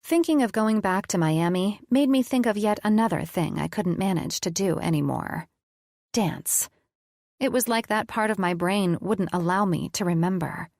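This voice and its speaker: A woman's voice: mid-range voice, normal speed, a little mellow, no echo, clean studio sound. A woman narrating a romance audiobook in first person, in an intimate, confiding way.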